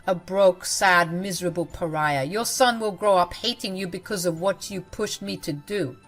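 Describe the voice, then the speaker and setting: A woman's voice: lowish voice, natural voice. A woman voicing a betrayed wife in a dramatic spoken story, cutting and defiant in tone.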